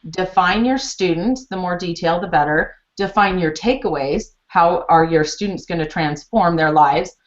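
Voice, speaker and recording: Low-voiced woman teaching a webinar. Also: moderate pace, hardly any pauses. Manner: chatty storytelling, animated retellings. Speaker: webinar presenter. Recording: muffled lo-fi webinar audio.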